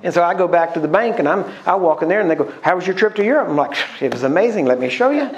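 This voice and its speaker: A man's voice: high voice, lively intonation, very fast, highs cut off. A middle-aged man, a pastor, preaching a sermon in a conversational storytelling way, often asking his listeners questions.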